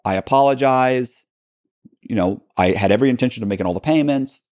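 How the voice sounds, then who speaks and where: A man telling a story as an interview guest, acting out quoted dialogue with halting restarts. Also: on the low side, dark tone, no echo, studio quality.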